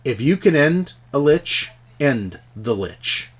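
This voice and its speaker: A man's voice: medium pitch, very animated, takes it slowly, breathy edge, voice pushed up, heavily acted. A game master voicing a shrewd male weapons dealer who talks bluntly and insistently in a tabletop game. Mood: exasperated.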